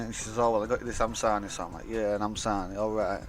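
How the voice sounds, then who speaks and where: A young man with a fairly low voice tells a long personal story in a loose, rambling vlog style. He swears freely and slips into the voices of the people he quotes. Faint music plays softly behind him. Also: fairly even intonation, fast talker. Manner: rambling, swears a lot, acts out quoted dialogue. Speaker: vlogger. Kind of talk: casual storytime monologue.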